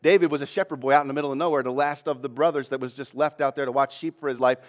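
A man's voice: mid-range voice, steady tone, very fast. A man preaching a sermon, reading scripture and commenting on it, often acting out the voices he quotes and building to rising intensity.

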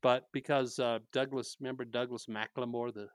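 A man's voice: medium pitch, normal speed, no echo. A man co-hosting a casual podcast chat, telling theater stories with lots of laughter. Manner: lively storyteller, laughs often. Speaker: podcast co-host, mystery theater actor.

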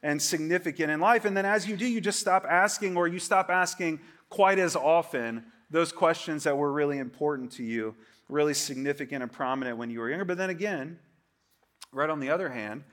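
A man in his late thirties, a pastor preaching a sermon in a relaxed, conversational way, joking and often asking his listeners "right?". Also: fairly high pitch, normal speed. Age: 30s.

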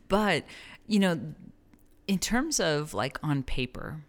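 A woman from New Mexico with a deep voice chats casually on a podcast. She wanders through her thoughts, breaks off mid-sentence and laughs easily. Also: very animated, drawn-out words. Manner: rambling, self-correcting, laughs often. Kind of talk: casual conversation.

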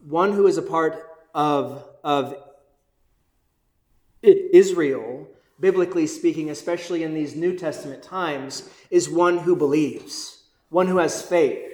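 A male pastor preaching a sermon in an energetic, conversational way, often checking in with the congregation. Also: on the high side, echoey room. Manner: energetic, conversational, keeps asking "right?"; excited, bouncing while preaching.

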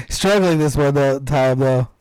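A man's voice: medium pitch, a little mellow, no echo. A young man co-hosting a podcast, talking bluntly and profanely in casual chat. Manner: blunt, profane, exasperated ranting. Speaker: podcast co-host.

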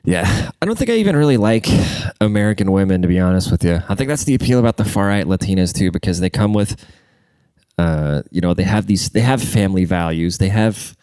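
A man's voice: low-pitched, lively intonation, a little fast, warm tone, smooth, no echo. A man hosting a show, ranting casually with constant swearing and a congested voice. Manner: crude, rambling, swears constantly. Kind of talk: casual profane rant.

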